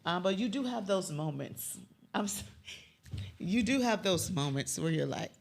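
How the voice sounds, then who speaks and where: A woman's voice: on the low side, a little slow, gravelly, pauses often. A middle-aged woman from Chicago's West Side, a youth mentor, telling a personal story of faith and loss, dropping to a near whisper when moved. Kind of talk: emotional personal interview.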